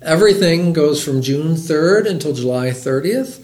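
A middle-aged man hosting a library podcast, reading a picture book aloud with lively voiced characters. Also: on the high side, moderate pace, echoey room.

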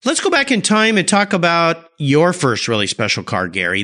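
A man's voice: a little high, big pitch swings, brisk, few pauses, a bit bright. A man hosting a podcast interview, upbeat and speaking directly to his listeners. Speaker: podcast host. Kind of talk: conversational interview.

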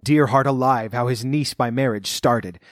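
A man narrating a storybook, reading in an expressive, lively way. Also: mid-range voice, moderate pace, dry recording, studio quality.

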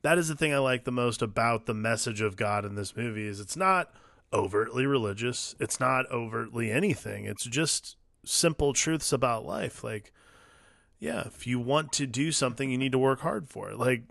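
Measured man with a dry recording. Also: mid-range voice, creaky, fairly bright tone, dry recording. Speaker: podcast co-host. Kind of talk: casual movie discussion.

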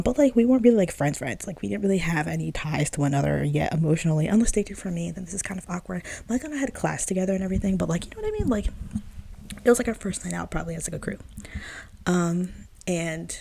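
Young woman, slangy chatty storyteller, low husky voice with gravel, dry close sound. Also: dark tone, no echo. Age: young adult. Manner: chatty, slangy, full of "like" fillers, laughs at herself. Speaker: podcast host. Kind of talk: casual storytelling monologue.

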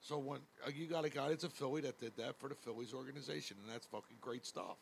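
A man's voice: mid-range voice, fast talker, vocal fry, a little hiss or hum. A man co-hosting a sports chat, arguing his points with heavy swearing.

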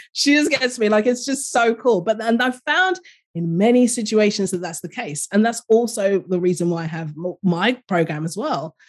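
A woman from London with a London accent, a business coach talking as a podcast guest, animated and laughing often. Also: medium pitch. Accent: London English. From London, England. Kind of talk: casual podcast conversation.

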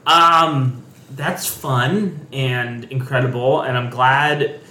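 A man's voice: mid-range voice, fairly even intonation, very slow, sharp tone. A man in casual chat, making sarcastic, wry remarks about a reality show. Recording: echoey room, faint ambience.

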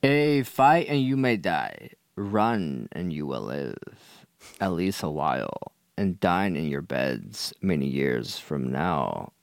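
A man putting on a rebel leader rallying his troops, but with none of the fire, just a hushed, slow and unsettling calm. The voice sits very low and is recorded close and dry. It sounds more like a creepy bedtime whisper than a battle cry. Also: creaky, no room sound, exaggerated voice. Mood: eerie calm.

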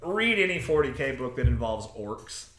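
A man's voice: medium pitch, moderate pace, roomy sound. A man in casual podcast chat, explaining at length with fillers and restarts. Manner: animated, rambling explainer with fillers.

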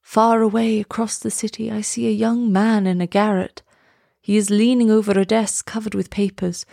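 A woman reading aloud voices a gentle, sorrowful male statue prince in a soft, solemn, measured tone. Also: medium pitch, gravelly, no echo, clean studio sound.

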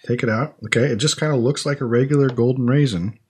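A man's voice: medium pitch, fast talker, slightly rough. A man hosting a casual chat, thinking aloud and musing with fillers as he tastes snacks. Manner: chatty, thinks aloud with fillers while eating. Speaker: podcast host tasting snacks.

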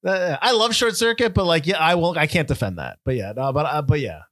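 A man co-hosting a casual movie podcast, a sarcastic and animated critic. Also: fairly high pitch, fast talker, dry recording. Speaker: podcast co-host.

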